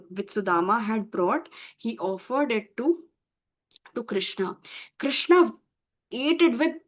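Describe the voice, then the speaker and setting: A woman teacher telling a devotional story to children in an animated, stumbling way. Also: on the high side. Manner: animated, many fillers and restarts.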